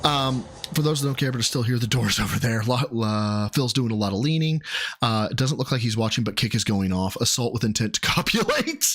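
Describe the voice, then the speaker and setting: A man hosting a live stream, talking excitedly and fast, cursing often and restarting his sentences as he reads chat. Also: mid-range voice. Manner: excited, rapid, profane, with many restarts.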